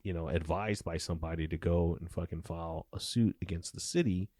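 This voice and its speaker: Middle-aged male ex-cop, very low voice, dry close sound, gritty profane storyteller, acts out the quotes. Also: brisk, dry recording. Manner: animated, profane storyteller acting out dialogue. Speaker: former police officer. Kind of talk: casual storytelling interview.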